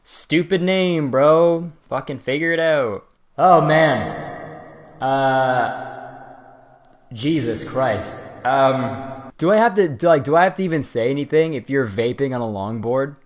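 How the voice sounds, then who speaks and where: A young man in casual comedic roast commentary, rambling and swearing, breaking into laughs and sudden high silly voices. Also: expressive, takes it slowly. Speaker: commentary host.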